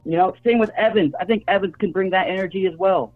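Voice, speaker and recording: A man's voice: high voice, fast, soft background music. A man calling in to a sports talk show, talking eagerly and repeating himself as he goes. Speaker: caller. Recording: tinny phone line.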